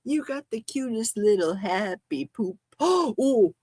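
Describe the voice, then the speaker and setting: A woman hosting a casual livestream, gasping and squealing with excitement as she reads gifts. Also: mid-range voice, takes it slowly, no echo, clean studio sound. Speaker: livestream host.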